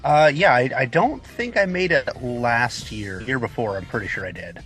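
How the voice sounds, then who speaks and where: A man's voice: medium pitch, expressive, normal speed, a bit bright, soft background music. A man appearing as a guest on a casual podcast, speaking in a laid-back way with frequent filler words. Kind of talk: casual chat.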